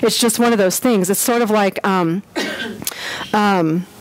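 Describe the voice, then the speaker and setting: A woman giving a casual church history class, chatty and animated, with lots of fillers and quick acted-out quotes. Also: mid-range voice, background noise.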